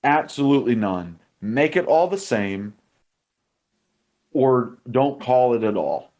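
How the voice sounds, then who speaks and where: Young guy on a football podcast, fired up and cussing, mid-pitch voice. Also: expressive, slow, a little mellow. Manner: heated ranting with swearing. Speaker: podcast co-host, former offensive lineman. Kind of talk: casual sports podcast chat.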